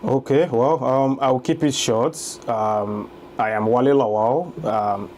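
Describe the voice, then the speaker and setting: Nigerian man with a warm, mellow voice. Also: medium pitch, slow, a little hiss or hum. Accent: Nigerian, from Lagos. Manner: laughs easily, conversational storytelling. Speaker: guest, real estate investor. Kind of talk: casual interview.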